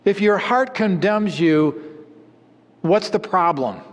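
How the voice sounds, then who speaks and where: A man preaching a sermon in an earnest way, his voice dropping low at the ends of phrases. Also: animated, slow, big-room sound. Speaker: pastor.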